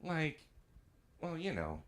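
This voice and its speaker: A man's voice: fairly high pitch, sing-song, slow. A man doing stand-up comedy, telling chatty stories, laughing at his own jokes and acting out voices.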